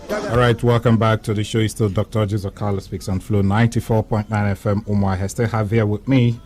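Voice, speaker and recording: A man with a Nigerian accent hosting a radio talk show in a studio, introducing segments in a calm, measured way. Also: fairly low pitch.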